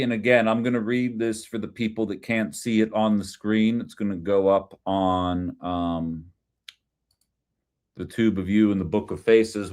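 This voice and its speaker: Male host, middle-aged, blunt and sarcastic, casual profane commentary. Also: lowish voice. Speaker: host of a call-in political stream.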